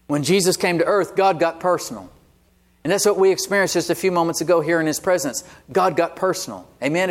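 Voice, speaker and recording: A man preaching a sermon as pastor, conversational and often asking the congregation "Amen?". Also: on the high side. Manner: call-and-response "Amen?" asides, conversational.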